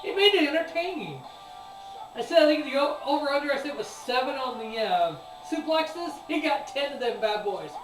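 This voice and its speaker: A man hosting his own sports show, reviewing a wrestling event in a rambling, excitable, profane way. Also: very high-pitched, moderate pace. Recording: echoey room, distant mic, music behind.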